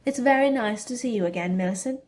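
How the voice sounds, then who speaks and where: A woman's voice: on the high side, fast, darkish tone, close to an everyday voice. A woman voicing a prim, clever teenage witch girl who sounds a little peeved.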